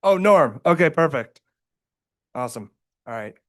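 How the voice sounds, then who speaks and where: A man's voice: on the high side, lively intonation, measured pace, fairly bright tone. A man chairing a public budget committee meeting, hesitant and apologetic with many fillers.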